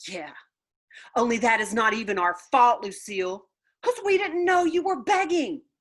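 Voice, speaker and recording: A woman voicing a bubbly, bossy little kindergarten girl who talks loudly and mangles big words in a children's book read-aloud. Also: a little high, expressive, moderate pace, voice pushed up. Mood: chatty.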